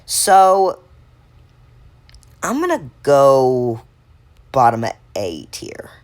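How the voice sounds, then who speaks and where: A woman's voice: rumbling low, huge pitch swings, very slow. A woman giving casual unscripted commentary while ranking game cards, rambling and correcting herself with lots of fillers.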